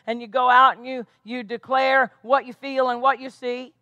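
A woman's voice: high voice, little pitch movement, moderate pace, hardly any pauses, bright, forceful tone, no echo. A woman pastor preaching a sermon with emphatic delivery, tossing questions back to the congregation. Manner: emphatic preaching with call-and-response asides.

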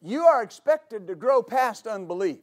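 A man preaching a sermon as pastor, explaining at length and building to shouts. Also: high voice, sing-song, moderate pace.

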